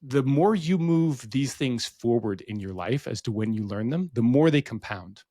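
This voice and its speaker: A man's voice: mid-range voice, expressive, normal speed, warm tone, no room sound, studio quality. A middle-aged American man co-hosting a podcast, rambling in casual chat and swearing freely. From United States. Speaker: podcast co-host.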